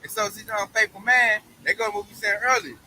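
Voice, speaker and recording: Bright high-voiced man preaching casually. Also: level tone, fast, a little hiss or hum, low-quality recording. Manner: emphatic, slangy, keeps saying "man". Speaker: Bible study co-teacher.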